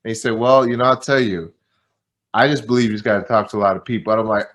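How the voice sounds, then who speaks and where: Animated man telling a motivational story. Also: medium pitch, fast talker. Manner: animated storyteller, repeats phrases, acts out dialogue. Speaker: company executive speaker. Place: training event stage.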